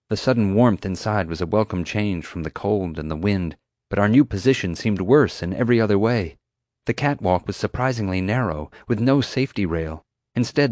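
A man with a fairly low voice narrates an audiobook chapter in steady, measured first-person storytelling. The recording is dry and close, with no room sound. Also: no room sound.

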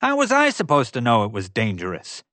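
Guy voicing a whiny tourist dude yelling high and squeaky, ranting and mad. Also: wildly swooping pitch, fairly quick, dry recording. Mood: indignant ranting. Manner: ranting, wailing, indignant. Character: loud whiny middle-aged tourist man.

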